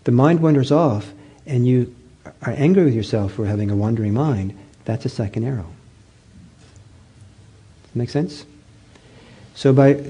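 Male meditation teacher, gentle and halting, slightly husky voice. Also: mid-range voice. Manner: gentle, halting storytelling with many fillers and restarts. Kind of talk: dharma talk.

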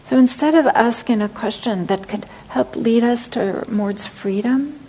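A woman meditation teacher giving a dharma talk, speaking gently and reflectively, sometimes dropping to a soft near-whisper. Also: a little high, measured pace, slightly rough, low-quality recording.

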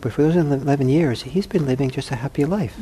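Calm, mellow-voiced male meditation teacher. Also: medium pitch, quick pace, husky. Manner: calm, gently humorous, thinks aloud with restarts. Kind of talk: answering questions in a talk.

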